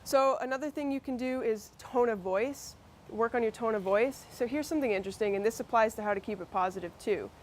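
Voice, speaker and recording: A woman's voice: a little high, brisk, a little hiss or hum. Woman teaching a workshop, conversational. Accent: Massachusetts. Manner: conversational, with fillers and restarts. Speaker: workshop presenter. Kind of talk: instructional workshop talk.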